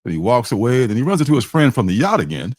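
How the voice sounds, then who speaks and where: A man's voice: medium pitch, big pitch swings, quick pace, no room sound, studio quality. A man hosting a comic book livestream, chatting casually and rambling with fillers and restarts, sometimes acting out characters' lines.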